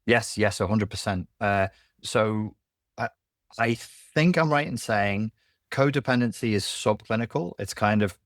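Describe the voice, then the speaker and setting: A man speaking as a podcast guest in a candid conversation, blunt and animated, who swears freely. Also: on the low side, unhurried, dry recording, studio quality. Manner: blunt and animated, swears, acts out quoted voices.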